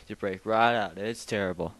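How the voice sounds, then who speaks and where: A man's voice: lowish voice, normal speed, dry recording, lightly acted. A man doing a whiny, grumbling caveman. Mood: complaining. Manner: loud, whiny complaining. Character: grumbling male caveman sick of eating bushes. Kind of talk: comic stand-up routine.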